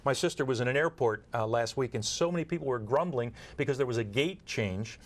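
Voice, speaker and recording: A man's voice: mid-range voice, lively intonation, a little fast. A man being interviewed as an expert guest, explaining earnestly through examples and often repeating words as he restarts. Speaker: guest expert on nurse communication training.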